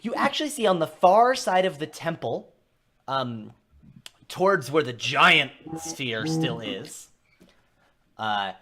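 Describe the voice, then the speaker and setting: Halting man running a tabletop game. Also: a little high, sing-song, sharp tone, a little hiss or hum. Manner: hesitant, filler-heavy narration. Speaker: game master.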